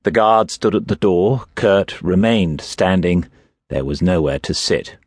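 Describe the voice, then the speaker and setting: A man narrating an audiobook in a measured, steady storytelling manner. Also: low voice, dry recording, studio quality. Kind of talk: scripted narration. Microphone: close studio mic.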